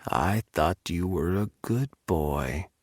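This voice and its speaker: A man voicing a dominant but tender male lover in an audiobook, speaking in a low, breathy near-whisper that moves from commanding growls to gentle murmurs. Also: animated, slow pace, no room sound, studio quality, heavily acted. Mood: stern. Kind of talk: audiobook dialogue.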